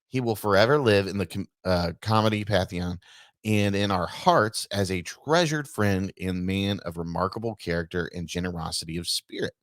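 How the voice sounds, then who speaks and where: A man's voice: on the low side, no room sound, studio quality. A man co-hosting a casual podcast, reading a news article aloud and stumbling over words with offhand asides. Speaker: podcast co-host.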